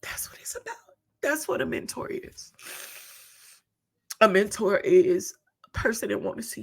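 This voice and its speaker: A woman's voice: mid-range voice, animated, moderate pace, gravelly, pauses often, husky. A middle-aged woman pastor hosting an unscripted podcast, talking with emotion, close to tears, and dropping into whispers at times. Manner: emotional, preacherly, breaks into whispers. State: tearful. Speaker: pastor and mentor, podcast host.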